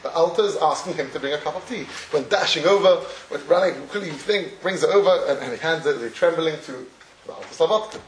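Animated man teaching from a distance. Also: on the high side, quick pace, slight background noise. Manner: animated, with many restarts and chuckles. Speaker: Torah teacher. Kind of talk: Torah lecture with storytelling. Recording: echoey room, distant mic, faint ambience.

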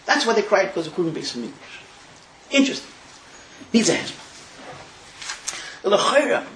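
A man teaching a Talmud class, telling the story in an animated way and mixing in Hebrew terms. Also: sits high, a little hiss or hum. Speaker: Torah teacher. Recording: echoey room.

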